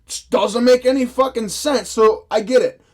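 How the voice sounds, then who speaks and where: A man's voice: very high-pitched, normal speed. A young man delivering a profane, sarcastic, exasperated movie review rant. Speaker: film reviewer. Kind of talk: ranting vlog review.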